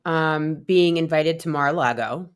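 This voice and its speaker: A woman with a notably low voice hosts the podcast conversation. She mostly chimes in with short, supportive interjections. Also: a little slow, clean tone. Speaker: podcast host. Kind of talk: casual interview chat.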